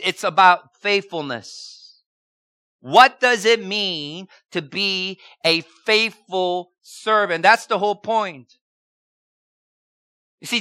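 A male pastor delivers a sermon at an unhurried pace, his voice bright and forward. He keeps posing rhetorical questions and hammers key words again and again. The sound is close and dry. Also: high voice, no room sound.

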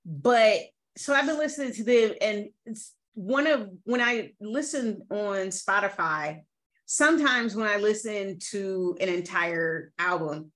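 A woman's voice: mid-range voice, a little slow, a bit bright. A woman co-hosting a podcast in casual chat, candid and blunt, swearing freely. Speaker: podcast co-host.

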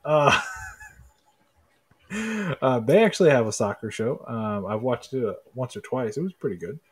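A man from Kentucky co-hosting a podcast, talking sports in a relaxed, joking way and laughing easily. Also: mid-range voice, moderate pace, breathy edge. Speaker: podcast co-host. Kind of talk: casual sports chat.

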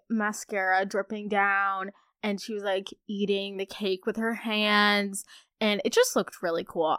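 A woman's voice: medium pitch, pushed and bright, dry recording, studio quality. A young woman from the United States hosting a podcast in casual chat, bubbly and chatty with lots of filler. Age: young adult. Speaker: podcast host.

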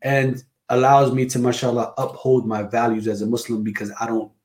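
A man from New Jersey, a guest imam, chatting casually on a podcast and telling animated stories, often asking "you know what I mean". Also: medium pitch, brisk.

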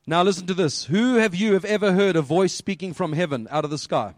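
Lively male pastor questioning children. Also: high voice, a little fast, no echo, clean studio sound. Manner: lively, questioning the audience, quoting scripture. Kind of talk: children's sermon.

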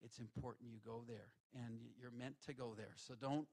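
A man's voice: medium pitch, moderate pace. A male pastor telling personal stories in a candid, conversational sermon to his church. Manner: candid, conversational, animated storytelling. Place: church sanctuary.

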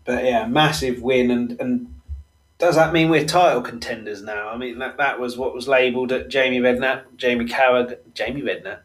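A man's voice: mid-range voice, fairly even intonation, normal speed, rough recording. A man hosting a solo football podcast, chatting casually with lots of fillers and self-corrections. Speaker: podcast host.

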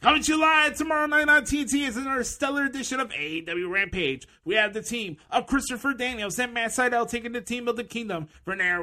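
A man doing a mock impression of a hyped-up male wrestling TV announcer who plugs upcoming matches in a booming promo delivery. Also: bright, forceful tone, full character voice.

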